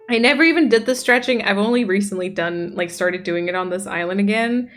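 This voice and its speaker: A woman's voice: mid-range voice, brisk, hardly any pauses, soft background music. A woman streamer chatting casually as she plays, reading out chat messages and gushing over the game. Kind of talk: casual chat while gaming.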